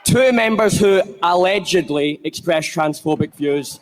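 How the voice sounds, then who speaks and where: A man with a Scottish accent, from Glasgow, making an earnest, measured speech at a conference. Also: a little high, a crowd in the background, background noise. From Glasgow, Scotland. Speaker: conference speaker. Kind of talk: prepared floor speech. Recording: long hall reverb.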